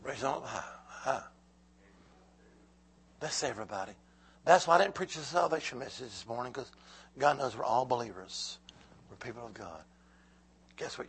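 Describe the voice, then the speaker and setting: A man preaching a sermon, calling out to the church, swinging from hushed lines to loud shouts. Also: medium pitch, expressive, normal speed, pauses often, breathy edge.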